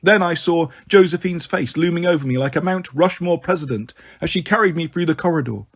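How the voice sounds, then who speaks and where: Male storyteller, slightly raised pitch, expressive first-person audiobook reading. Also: a little fast. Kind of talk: audiobook narration.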